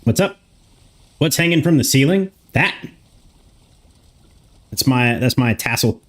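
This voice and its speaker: A young man chats casually on a live stream from a room in his home. He speaks at an unhurried, drawn-out pace at an everyday pitch, muttering to himself and swearing freely. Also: lively intonation.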